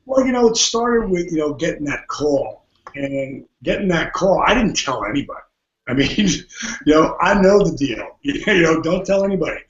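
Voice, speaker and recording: A man's voice: fairly high pitch, lively intonation, normal speed. A man guest on a podcast, telling a story with lots of energy, often laughing and acting out what people said. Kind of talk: animated storytelling. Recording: muffled, roomy audio.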